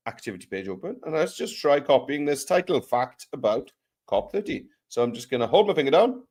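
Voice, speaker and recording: A man's voice: mid-range voice, very animated, a little fast, a little mellow. A man giving a live screen tutorial, talking through each step in a playful, jokey way.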